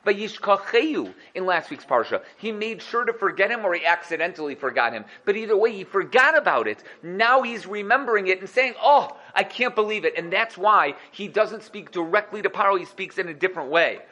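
A man teaching the weekly Torah portion, explaining commentaries in a lively way and acting out quoted lines with rising excitement. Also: high-pitched, brisk, hardly any pauses.

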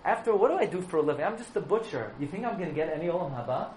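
A man's voice: fairly high pitch, lively intonation, racing, darkish tone, a little hiss or hum, natural voice. Blunt, unyielding butcher, voiced by a male storyteller, roomy sound. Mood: stubborn. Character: stubborn small-town butcher, blunt and unyielding.

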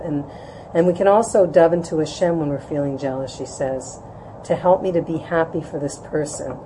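A woman's voice: warm tone, slight background noise, poor audio. A middle-aged woman giving an informal religious talk to a room, conversational and often asking "right?", acting out quoted voices. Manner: conversational, asks "right?" often, acts out quotes with rising pitch. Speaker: Jewish women's class teacher. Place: room with an audience.

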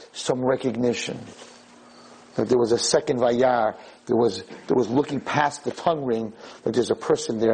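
A man from New York, a rabbi telling stories in an animated way to a live audience in a room. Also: breathy edge, rough recording. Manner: animated, jumps high when quoting people. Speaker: rabbi giving a talk. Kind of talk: storytelling Torah talk to a live audience.

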